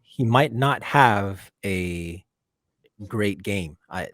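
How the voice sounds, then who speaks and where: A man with a very low voice gives his picks on a basketball podcast, measured and pausing to think. The sound is dry and close. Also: expressive, fairly bright tone, no room sound. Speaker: podcast guest, fan. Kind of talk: casual sports podcast chat.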